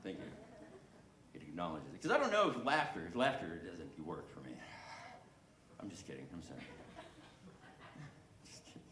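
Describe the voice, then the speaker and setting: Self-deprecating comic in an echoey club. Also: male voice, sits low, huge pitch swings, normal speed, long pauses, a bit bright, slight background noise. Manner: self-deprecating, chatty with the crowd. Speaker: stand-up comic. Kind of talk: stand-up comedy set. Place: comedy club stage. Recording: echoey club room with faint background ambience.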